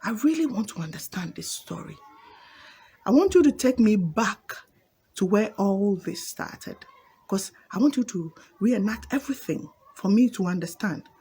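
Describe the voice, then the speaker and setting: Cunning tortoise in a told fable voiced by a woman, calm sly questions, husky mellow voice. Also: mid-range voice, moderate pace.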